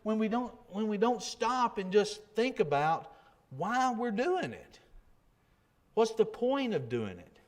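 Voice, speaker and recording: A man's voice: high voice, very animated, slow. A man preaching a sermon in a conversational way, often repeating himself and asking rhetorical questions.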